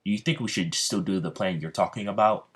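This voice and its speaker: An impatient young male hero read by a man wants to rush ahead. The voice is deep and low and sounds like the teller himself. Casual fan storytelling. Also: a little fast, slightly rough.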